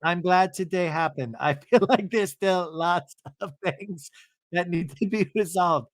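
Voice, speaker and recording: A man's voice: high-pitched, unhurried, no room sound, studio quality, voice pushed up. A man imitating a gushing, sugary woman from reality TV in a raised, sweetened voice.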